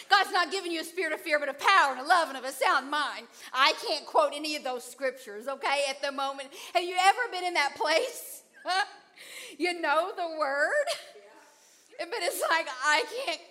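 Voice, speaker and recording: A middle-aged woman preaching a sermon with a high, bright and lively voice. She tells a personal story with animation, acting out her own fright and her husband's unruffled answers, and she lets the pace run fast and then slow.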